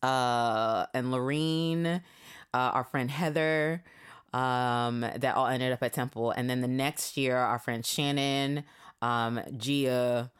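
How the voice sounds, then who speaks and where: A woman in her thirties with an unusually deep, low voice, chatting as a guest on a podcast. She tells her stories loosely and candidly, full of slang, swearing and fillers like "um" and "like". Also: fairly even intonation, takes it slowly, clean tone. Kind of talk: casual chat, storytelling.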